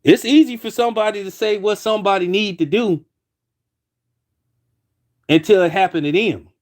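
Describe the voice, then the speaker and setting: A man with a high-pitched voice delivers a fired-up opinion rant. He talks in bursts and keeps restarting and repeating his phrases as he presses his argument. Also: normal speed. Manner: heated, repetitive, many restarts. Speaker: commentator. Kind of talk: ranting opinion commentary.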